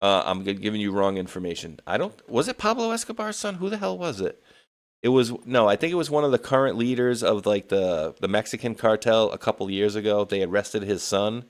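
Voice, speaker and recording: Man, New England accent, low pitch, rambling casual chat, lots of laughs and restarts. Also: animated, a little fast. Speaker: podcast host.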